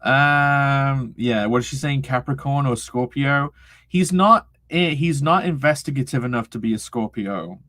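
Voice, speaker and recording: A man's voice: medium pitch, a little slow, sharp tone, no echo. A young man casually streaming, reading chat aloud, laughing often and swearing freely.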